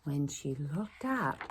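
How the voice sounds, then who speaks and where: A woman preschool teacher reading a picture book aloud to children, expressive and often dropping to a whisper. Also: on the low side, a little hiss or hum.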